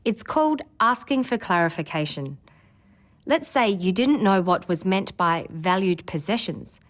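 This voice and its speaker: A woman narrating a scripted English lesson, explaining points clearly and at a measured pace. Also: mid-range voice, lively intonation, fairly bright tone, a little hiss or hum.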